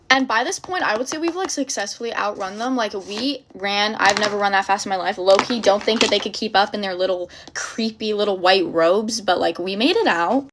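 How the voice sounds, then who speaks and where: A young woman casually telling a dramatic story in an animated, breathless way, full of fillers. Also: mid-range voice, brisk, few pauses, a little hiss or hum.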